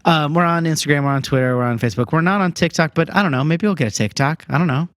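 A man co-hosting a casual comedy podcast, jokey and animated, reading out contact details and thanking patrons. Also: a little high, very fast, no echo, studio quality. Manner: animated, jokey, lots of fillers. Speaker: podcast co-host.

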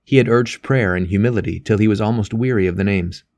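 A man narrating an audiobook in a measured, steady way. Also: fairly low pitch. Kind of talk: audiobook reading.

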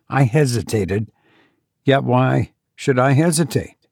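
A man reading a first-person adventure story aloud in a measured, deliberate way. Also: mid-range voice, expressive, a little mellow, no room sound, clean studio sound. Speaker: narrator.

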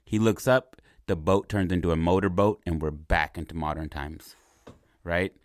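Deep-voiced guy rambling thru a movie pitch, keeps saying right?, dry close sound. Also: normal speed, dry recording. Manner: rambling and animated, repeats words, asks "right?". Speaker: podcast host pitching a movie idea. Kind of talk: casual storytelling.

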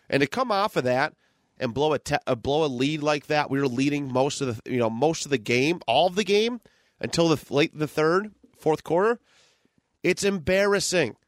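A sports podcast co-host, a man with a fairly high voice, rants in frustration with plenty of swearing. He sounds close and dry, with no room around him. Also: fairly bright tone, no room sound. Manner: frustrated ranting, profane. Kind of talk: casual sports podcast chat.

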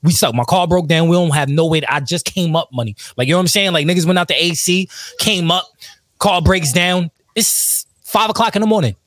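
A man's voice: fairly high pitch, a little fast, fairly bright tone, no echo. A man, a rapper, telling a wild story in casual chat, slangy and laughing often.

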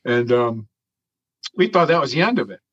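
A man's voice: mid-range voice, very animated, fairly bright tone, husky, lo-fi sound. A man telling a long story in an interview, swearing freely and chuckling as he goes. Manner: profane, chuckling, drawn-out storyteller. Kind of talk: casual storytelling.

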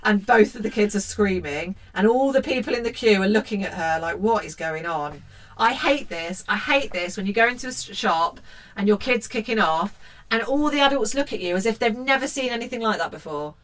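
Woman co-host, bright and forceful voice, sarcastic running commentary with a lot of swearing, faint hiss behind. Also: medium pitch, animated, a little fast, poor audio. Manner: sweary, sarcastic, mock-outraged. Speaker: podcast co-host. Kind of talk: casual chat, reading a children's book aloud with commentary.

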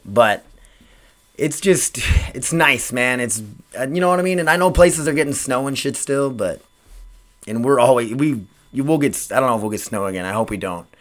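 A man's voice: mid-range voice, fairly quick, a bit bright. A man, hosting his own podcast in a rambling, profane, self-deprecating chat. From Grand Forks, North Dakota. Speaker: podcast host. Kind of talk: casual solo podcast chat.

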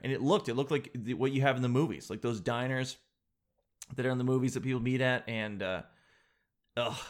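A man rambles through a casual monologue as the host of a daily show. He jokes and mocks himself as he goes. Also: mid-range voice. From Canada. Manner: jokey, rambling, self-mocking.

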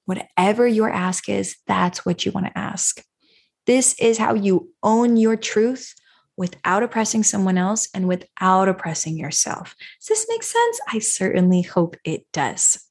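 A woman's voice: mid-range voice, lively intonation, moderate pace, creaky, breathy edge. A woman hosting a parenting podcast, coaching listeners emphatically and acting out example phrases. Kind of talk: solo podcast teaching.

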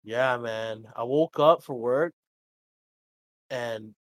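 A young man chatting casually on a podcast at a middle pitch, recorded close and dry. He rambles through a story, swears freely and slips into quick impressions of the people he quotes. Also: no room sound. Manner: rambling, swears freely, acts out both sides of dialogue. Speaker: podcast co-host.

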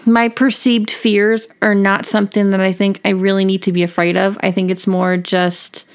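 A woman's voice: mid-range voice, flat delivery, moderate pace, clean tone. A young woman hosting a solo podcast, talking casually and rambling with lots of fillers and little laughs. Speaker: podcast host.

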